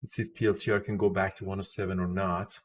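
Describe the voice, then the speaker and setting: Low-voiced guy hosting live trading stream, hyped, thinks out loud. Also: quick pace. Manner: excitable, thinks aloud. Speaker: trading show host. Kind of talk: live market commentary.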